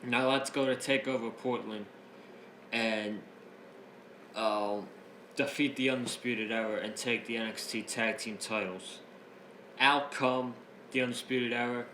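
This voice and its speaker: A man reviewing a wrestling show in a casual recap. He is excitable and rambling, keeps restarting his sentences, and breaks up laughing as he retells the jokes. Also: medium pitch, measured pace, a little hiss or hum. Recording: roomy echo, faint ambience.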